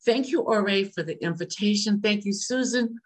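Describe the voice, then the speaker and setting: A woman's voice: mid-range voice, moderate pace. An older woman speaking candidly over a video call, sharing her recovery story at a meeting with repeated refrains. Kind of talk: personal recovery share.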